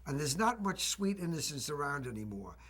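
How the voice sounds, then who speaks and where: An older actor reminiscing in an interview, telling anecdotes with a raspy voice. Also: male voice, a little high, sing-song, a little fast. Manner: warm anecdotal storytelling with laughs. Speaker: actor recalling a film.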